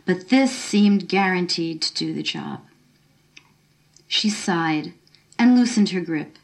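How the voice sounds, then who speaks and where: A woman narrating a short story in a measured, expressive reading. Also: lowish voice.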